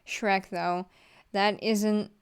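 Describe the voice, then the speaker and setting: A woman reading fan fiction aloud for laughs, giggling and tossing in deadpan asides. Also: medium pitch, drawn-out words, clear, resonant tone. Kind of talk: comedic read-aloud storytelling.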